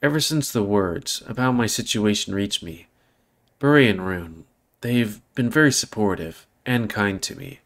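A man's voice: fairly low pitch, expressive, unhurried, a bit bright. A man voicing a remorseful young male fantasy dog, reading a visual novel aloud in an earnest, reflective way.

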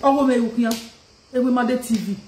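激动的尼日利亚口音女主播，回声很重. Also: female voice, a little high, fairly quick, darkish tone, echoey room, a little hiss or hum. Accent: Nigerian. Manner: confrontational, repeats questions; switches languages mid-sentence. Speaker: live streamer. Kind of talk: heated live-stream rant.

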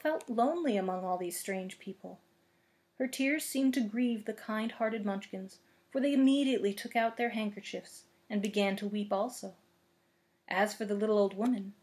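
A woman librarian reading a children's book aloud in a gentle, expressive storytelling manner. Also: mid-range voice.

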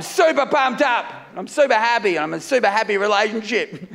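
A middle-aged man from Melbourne with an Australian accent, doing a loud, rambling, self-mocking stand-up routine on a festival stage. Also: sits high, expressive, a little fast, creaky, big-room sound, a faint crowd, slight background noise. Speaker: stand-up comedian. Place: comedy festival stage with live audience.

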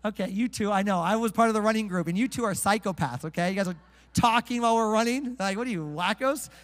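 A man preaching a sermon to a live congregation, energetic and joking, slowing way down to read scripture. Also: high voice, in a large hall. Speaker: pastor. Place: church sanctuary with congregation.

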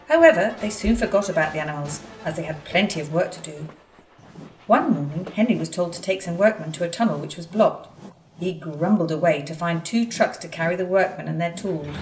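A woman narrating a children's railway storybook with an expressive, lively delivery and a somewhat low voice. She sounds set back from the microphone in an echoey room. A faint hiss sits under the voice. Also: a little fast, far from the mic, soft background music. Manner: expressive, animated reading. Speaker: storybook reader.

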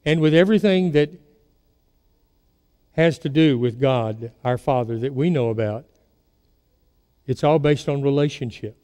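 A man's voice: mid-range voice, mellow, big-room sound. A man preaching a sermon as pastor, telling stories and putting questions to his congregation. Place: church sanctuary.

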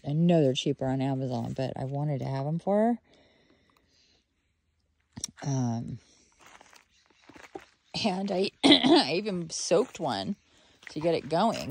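Husky-voiced woman chatting on a dog walk. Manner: chatty, rambling, with self-corrections and fillers; switches to high sing-song baby talk with her dog. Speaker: vlogger, dog owner. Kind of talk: casual video diary chat. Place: outdoors on a rural property, walking her dog.

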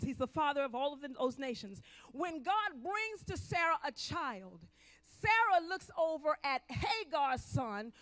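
A male pastor preaching emphatically, swinging between loud calls and quiet asides. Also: very high voice. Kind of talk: sermon.

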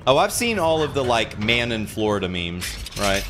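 A man's voice: medium pitch, lively intonation, fairly quick, few pauses, noisy background. A man streaming a game and chatting casually, rambling and laughing at himself as he plays. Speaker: gaming streamer. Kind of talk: casual gameplay commentary.

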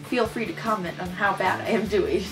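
A woman's voice: medium pitch, fairly even intonation, moderate pace, music in the background, poor audio. A woman co-hosting a casual comedy video, talking in a self-deprecating, easygoing way. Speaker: co-host. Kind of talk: casual comedy game chat.

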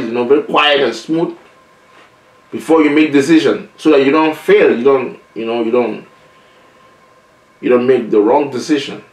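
A male evangelist preaching a sermon in an earnest, conversational way, often adding "you know" and "man". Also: mid-range voice. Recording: roomy, echoey sound from a distance.

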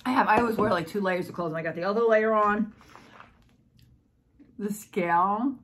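A woman's voice: medium pitch, normal speed, long pauses, fairly bright tone. A woman talks straight to her viewers in a loose, rambling vlog. She repeats herself often and keeps breaking in with exclamations. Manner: frequent exclamations. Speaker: vlogger. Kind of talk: casual vlog chat.

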